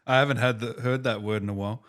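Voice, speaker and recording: A man's voice: mid-range voice, steady tone, very fast, fairly bright tone, clear, resonant tone. Curious male podcast host. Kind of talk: casual interview.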